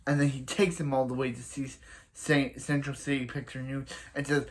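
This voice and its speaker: A man casually recapping a TV episode, rambling with lots of restarts and acting out characters' lines in quick asides. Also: medium pitch, little pitch movement. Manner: rambling, full of restarts and "so yeah". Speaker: TV episode reviewer.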